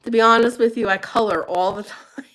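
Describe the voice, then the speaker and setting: A middle-aged livestream host chats casually and fairly quickly, laughing a lot and staying animated. Quoting herself sends her into a high, squealy register.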